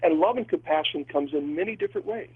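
A man's voice: fairly high pitch, fast, creaky, slightly rough. A man who is a priest, talking earnestly and with feeling in an interview, often restarting his sentences. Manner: earnest and emotional, with frequent restarts. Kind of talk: telling a personal story in an interview. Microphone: phone call. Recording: tinny phone line.

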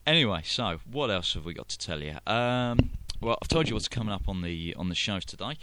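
A lower-voiced man with a London accent chats casually as the host of a live internet radio show. He rambles and restarts his sentences and fills the pauses with ums and uhs. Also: expressive, very noisy. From London, England. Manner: rambling, many fillers and restarts.

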